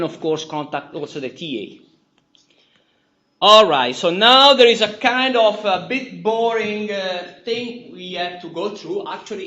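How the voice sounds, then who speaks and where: A man's voice: high voice, sharp tone, echoey room, far from the mic, highs cut off. A man with an Italian accent giving a university lecture in a chatty way, repeating key words and checking in with "right?". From Italy. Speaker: university instructor. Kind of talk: lecture to a class. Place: lecture hall.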